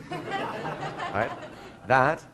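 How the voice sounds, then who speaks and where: A man's voice: fairly high pitch, wildly swooping pitch, very slow, a crowd in the background, background noise. A man, a hypnosis instructor, answering a student's question in a live workshop, telling stories, laughing and acting out quoted dialogue. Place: training room with students.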